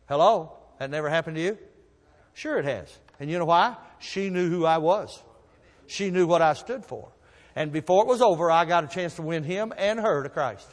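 A man preaching a sermon, telling folksy stories and swinging from soft asides to loud emphasis. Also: on the high side, normal speed, long pauses, in a large hall. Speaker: pastor.

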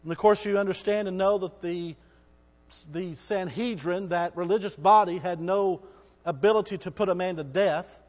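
A man preaches with a high voice, his words trailing into the long reverb of a large church hall. He tells the story dramatically and shouts out the cries of the crowd. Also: moderate pace. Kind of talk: sermon.

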